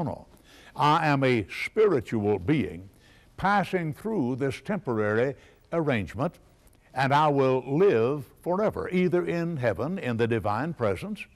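A man's voice: medium pitch, expressive, unhurried. Emphatic male preacher with many fillers. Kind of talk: sermon.

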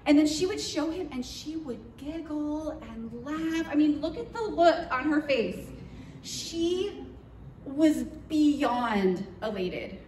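A woman telling a church congregation about a trip in a lively, chatty way, with plenty of fillers and acted-out quotes. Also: sits high, slow pace, slight background noise. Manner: animated, chatty, lots of fillers, acts out quotes. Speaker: mission trip leader speaking to church. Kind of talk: storytelling trip recap. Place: church hall. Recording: roomy echoey hall, mic far off.

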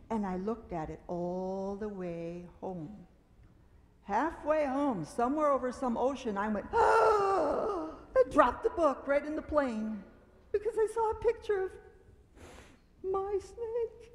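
Woman, children's storyteller, church service, animated, dramatic cries, long hall reverb. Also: on the high side, measured pace. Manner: animated, acts out fearful exclamations and screams. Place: large meeting hall.

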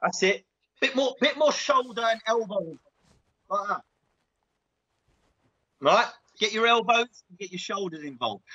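A man's voice: high voice, expressive, a little slow, long pauses, pushed and bright, husky, no echo, lo-fi sound, exaggerated voice. A man playing a big, earnest, clueless self-styled diet guru in a comedy sketch, instructor patter full of "yeah?" and "right?". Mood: instructive.

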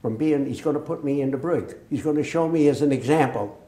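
Talking fast in a slightly high voice, this older Massachusetts veteran shares war stories during an oral history interview. He's a lively narrator who voices the quoted lines himself, and the recording has an echo.

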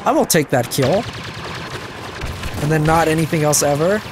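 A young man giving casual, self-mocking commentary over his gameplay, his voice jumping high when things go wrong. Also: moderate pace, background noise. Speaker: gaming channel host. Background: game music and gunfire.

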